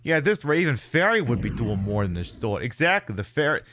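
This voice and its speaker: A man's voice: mid-range voice, sing-song, brisk, fairly bright tone, dry recording. A man giving sarcastic, profane commentary as he plays a video game, talking straight at the enemies and weapons on screen. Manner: sarcastic, swears freely, talks to enemies and items. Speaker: streamer playing a video game. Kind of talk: let's-play gameplay commentary. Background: game music.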